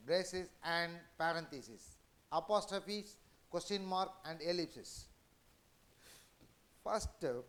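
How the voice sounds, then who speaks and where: Indian english guy lecturing, high voice, lots of uhs. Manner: halting, many fillers and restarts. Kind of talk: educational lecture.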